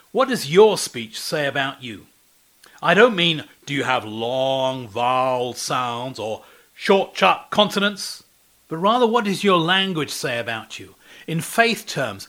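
A man's voice: fairly high pitch, fairly bright tone. A man giving a devotional talk as a preacher, telling a scripture story and asking the listener rhetorical questions.

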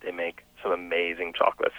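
A man being interviewed as a guest about his children's books, relaxed and chuckling as he talks. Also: deep voice, a little fast, dry recording. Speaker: guest, children's book author and illustrator. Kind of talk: casual interview chat. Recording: dry, dull lo-fi sound.

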